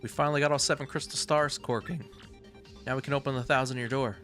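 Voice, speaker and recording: A man voicing a jolly, genteel gentleman, chummy in manner, with faint music behind. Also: medium pitch, steady tone, fast talker, close to an everyday voice.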